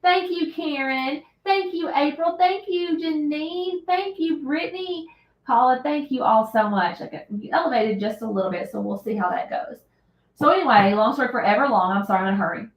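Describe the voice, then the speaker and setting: A middle-aged woman, hosting a casual livestream and retelling a story in an animated, dramatic way. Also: high-pitched, moderate pace, dull audio. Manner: animated, dramatic retelling with loud acted shouts. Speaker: livestream host. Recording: echoey room.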